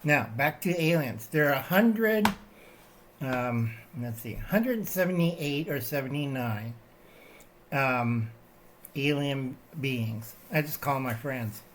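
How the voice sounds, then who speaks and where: A man's voice: mid-range voice, lively intonation, slow, a bit bright, a little hiss or hum. An older man hosting his own channel, ranting in a digressive, satirical way, often tagging his lines with "okay?" while showing things to the camera. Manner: shows items to the camera while talking. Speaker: channel host. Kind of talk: rambling satirical rant.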